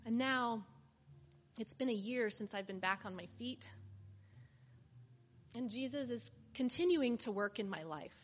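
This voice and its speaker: A woman's voice: a little high, lively intonation, measured pace, pauses often. A woman performing a first-person dramatic monologue as a weary woman made whole after years of suffering, telling her story earnestly. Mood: heartfelt. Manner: earnest, heartfelt testimony. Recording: slightly muffled with faint hiss.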